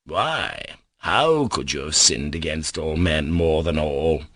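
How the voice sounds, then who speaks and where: A man's voice: very deep voice, animated, slow, a bit bright, no echo, clean studio sound, full character voice. A man voicing a loving mother who weeps over her sick son. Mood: worried, tender.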